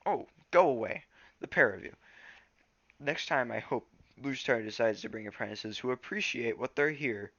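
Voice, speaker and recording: Man playing a stern but kind old tomcat mentor, measured, gravelly, bright, lo-fi dry. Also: mid-range voice, no room sound. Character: older male warrior cat mentor, gently stern.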